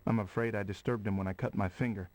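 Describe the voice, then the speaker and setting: Actor as a reserved gentleman musing aloud, dry close sound. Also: fairly low pitch, steady tone, fast, dry recording, close to an everyday voice. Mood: reflective. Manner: formal, reflective. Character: reserved male Victorian narrator-protagonist. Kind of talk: FMV game acting.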